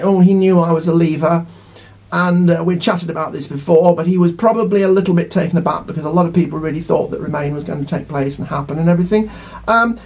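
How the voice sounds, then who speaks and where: A middle-aged man giving an indignant, rambling monologue to camera as a vlogger, repeating himself as he goes. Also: high voice.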